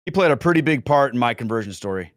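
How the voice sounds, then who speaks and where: A man's voice: medium pitch, lively intonation, quick pace, no room sound, studio quality. A middle-aged man answering questions in a casual Q&A, rambling with frequent restarts and fillers. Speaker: guest, Catholic speaker and former pastor.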